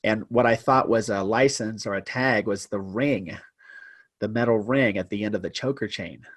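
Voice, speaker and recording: A man telling a personal story as a podcast guest, animated and self-deprecating, shifting his pace for effect. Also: lowish voice, normal speed, dry recording. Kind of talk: casual storytelling interview.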